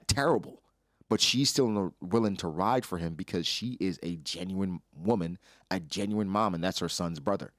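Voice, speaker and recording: A young man in casual commentary, his low voice rising and falling widely as he acts out character lines. The sound is dry and close, with no room around it. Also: no room sound. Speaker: anime reaction host.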